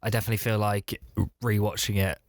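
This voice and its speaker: Male podcast co-host, low and flat. Measured, reflective delivery with plenty of hedging. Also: no echo, clean studio sound. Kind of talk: casual film review chat.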